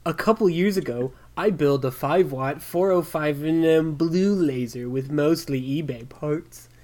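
A man's voice: a little high, a little slow, a little mellow. A man co-hosting a comedy podcast, reading forum posts aloud with a self-mocking manner and exasperated bursts.

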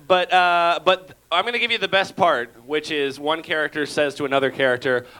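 A man introducing readers at a comedy event, dry and sarcastic with many halting fillers. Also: on the high side, a bit bright, clear, resonant tone. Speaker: event emcee. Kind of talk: casual stage introduction.

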